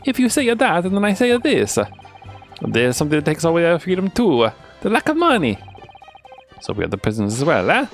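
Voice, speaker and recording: A shady, excitable male witness from a courtroom game speaks in a hammy put-on foreign accent, pitched well above a gravelly low voice, as a man puts him on. His lines swoop up and down, tagged with pleading little questions. Faint music plays behind. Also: fairly quick. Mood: indignant. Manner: theatrical, sing-song, pleading with 'eh?' tags.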